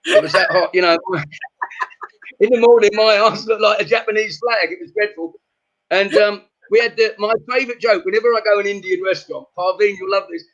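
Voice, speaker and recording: Male comedian, high bright voice, one-liners, dull video-call sound. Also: fairly quick. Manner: rattles off one-liners, laughs at his own jokes. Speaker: comedian guest. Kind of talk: stand-up jokes in casual chat.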